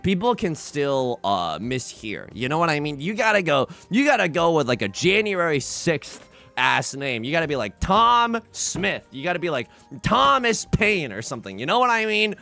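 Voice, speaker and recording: A man chats casually on a livestream, telling a rambling story with lots of false starts and cheerful swearing. His voice is bright and forward, and it swings widely in pitch as he gets animated. Quiet music plays behind him. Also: normal speed, creaky.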